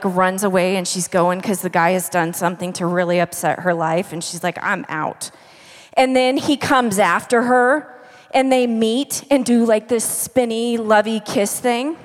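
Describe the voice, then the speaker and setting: A woman pastor preaching a sermon in an emphatic, conversational storytelling manner, heard in a reverberant church hall. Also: fairly high pitch.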